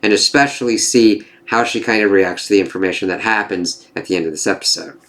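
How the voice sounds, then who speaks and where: A man's voice: lowish voice, fairly quick, fairly bright tone. A man casually reviewing a TV episode, rambling and swearing, with lots of fillers and acted-out quotes.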